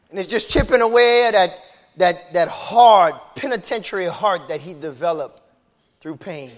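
High, bright-voiced preacher. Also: male voice, normal speed. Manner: swings between shouted whooping and low hushed talk. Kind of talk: sermon.

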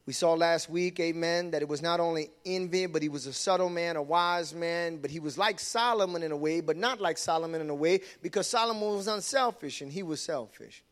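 A pastor preaching a sermon, moving from low conversational talk to loud, high-pitched preaching and dropping in frequent amens. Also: male voice, a little fast, few pauses.

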